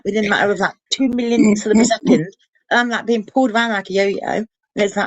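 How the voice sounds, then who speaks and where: A woman co-hosting a casual chat, quick and chatty and easily amused. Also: mid-range voice.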